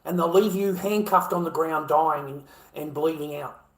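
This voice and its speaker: A man's voice: fairly high pitch, normal speed. A man with an Australian accent delivering a blunt, profane rant, full of swearing and repeated phrases. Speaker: vlogger. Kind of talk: angry ranting monologue. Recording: echoey room.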